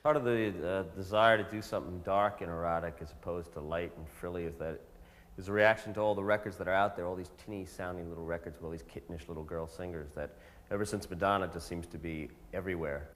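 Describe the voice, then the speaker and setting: A man who writes and produces songs, talking candidly and wryly, his phrases sinking low at the ends. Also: fairly even intonation, a bit bright, big-room sound. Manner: fast, wry, trailing low at phrase ends. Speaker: songwriter and producer. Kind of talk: candid interview monologue.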